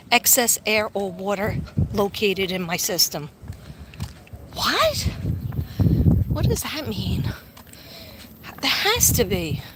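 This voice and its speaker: Chatty woman vlogger, meandering outdoor walk-and-talk into a phone, light traffic hum. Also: fairly high pitch. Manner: rambling, chatty storytelling with many ums. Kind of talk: casual walking livestream chat. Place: outdoors, walking in sun.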